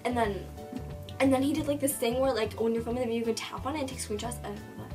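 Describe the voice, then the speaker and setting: A young woman tells a story in a vlog, quick and breathless, packing her sentences with "like" and replaying each line of dialogue. Her voice sits a little high. She is a bit far from the mic, and music plays clearly behind her. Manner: rapid and breathless, full of "like", retelling dialogue. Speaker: vlogger.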